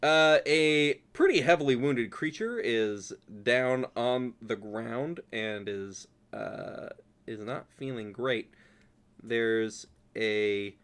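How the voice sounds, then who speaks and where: A man's voice: medium pitch, slow pace, fairly bright tone, clear, resonant tone. A man narrating a tabletop game as dungeon master, describing the action with many fillers.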